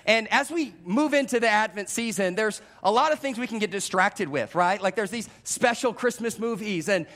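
Thirties male pastor with a high voice; lively sermon delivery that mixes personal stories with audience asides. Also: normal speed. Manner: animated, self-deprecating storytelling with direct audience address.

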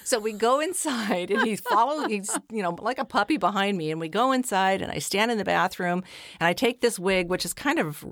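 Woman co-host, lively chatty storyteller, swears a bit, dry close sound. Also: medium pitch, brisk, dry recording. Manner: animated, expressive, swears casually. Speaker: podcast co-host. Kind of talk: casual storytelling chat.

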